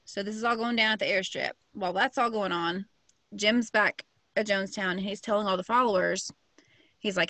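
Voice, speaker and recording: A woman's voice: medium pitch, steady tone, brisk, fairly bright tone, no echo. A woman casually telling a true crime story to a co-host, full of fillers and slang. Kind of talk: casual chat.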